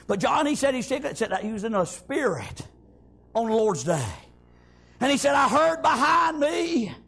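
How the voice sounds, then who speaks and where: A man preaching a fervent sermon, breaking into shouts and punctuating lines with amens. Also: extremely high pitch, creaky, husky.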